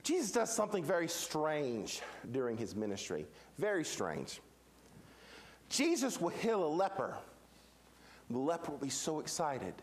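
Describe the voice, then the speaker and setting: High-voiced man preaching with emphasis. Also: wildly swooping pitch, unhurried. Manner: emphatic, repetitive rhetorical questions. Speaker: pastor. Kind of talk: sermon.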